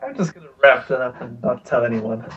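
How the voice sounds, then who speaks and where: A man's voice: mid-range voice, expressive, a little fast, lo-fi sound. A man playing a tabletop game, joking and hesitant, with lots of fillers. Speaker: player. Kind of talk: casual tabletop role-play.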